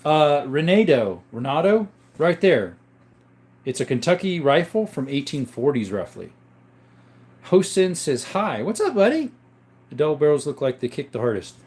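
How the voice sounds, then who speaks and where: A man's voice: a little high, big pitch swings, normal speed, pauses often, a little mellow. A young man hosting a casual livestream, reading chat and greeting viewers by name in a chatty, upbeat way.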